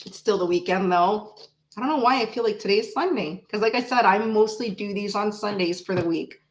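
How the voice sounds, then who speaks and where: A woman in her forties hosting a casual tarot livestream, chatting with viewers in an animated, blunt way, swearing freely and laughing often. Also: medium pitch, brisk, rough recording. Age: 40s. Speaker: tarot reader host.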